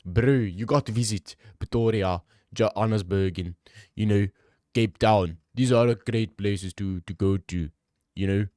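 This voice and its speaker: A man's voice: lowish voice, a little slow, a little mellow, dry recording, clean studio sound, lightly acted. A man voicing a boastful, joking South African man in a put-on South African accent, rambling and mocking.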